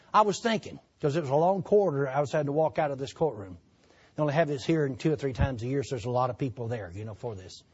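An older preacher with a drawl tells his story in a folksy, animated way. His voice sits high for a man and has a gravelly, husky edge. The recording is dull and lo-fi. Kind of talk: sermon storytelling.

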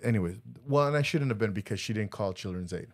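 Low-voiced man telling jokey stories. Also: expressive, fast talker. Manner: storytelling, jokey, many restarts. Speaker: podcast co-host. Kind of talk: casual chat.

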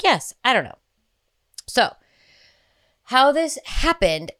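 A woman in her thirties co-hosting a podcast, rambling through a story in a loose, casual way. She keeps breaking into giggles and talks frankly and crudely. Her voice sits at an ordinary middle pitch. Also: fairly bright tone. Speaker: podcast co-host. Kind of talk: casual chat.

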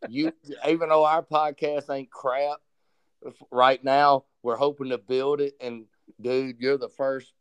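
A man's voice: medium pitch, flat delivery, unhurried, clean tone, no echo. A man hosting a podcast, chatting eagerly with his guest. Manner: enthusiastic, calls people brother and man. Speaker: podcast host. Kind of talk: casual chat.

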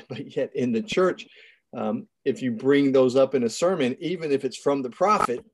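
A man with a warm, dark voice talks earnestly in a relaxed conversation. He circles back and restarts his sentences and lets small chuckles slip in. He keeps a steady middle pitch throughout. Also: normal speed, low-quality recording. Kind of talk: casual conversation about faith and justice.

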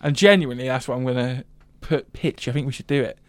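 English guy hosting local sports radio, talks really fast, jokey, dry studio sound. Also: mid-range voice, clean tone, no echo. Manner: quick, jokey and scattered. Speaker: radio sports show host. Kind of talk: casual radio banter.

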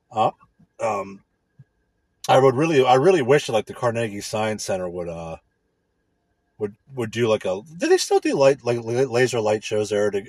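A man's voice: fairly low pitch, a little mellow, husky, dry recording. A man hosting a music show, chatting casually in a crude, profane, rambling way with lots of restarts. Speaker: radio music show host.

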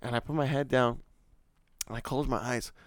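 A young man co-hosting a podcast tells a story in casual conversation, acting out the screams and quotes. His voice is medium-pitched with fairly even intonation and a moderate pace, recorded cleanly in a studio with no echo.

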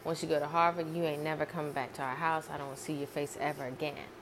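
A woman's voice: sits low, little pitch movement, fast, noisy background, close to an everyday voice. A woman voicing a strict, religious father who is furious and harsh, casually quoted while she retells a story. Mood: angry. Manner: harsh, threatening.

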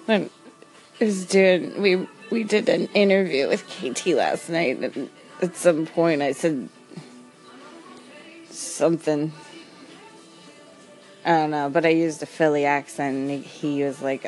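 A woman's voice: deep voice, unhurried, long pauses, darkish tone, soft background music, low-quality recording. A woman hosting a casual chat stream, sarcastic and rambling, laughing often. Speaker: livestream host.

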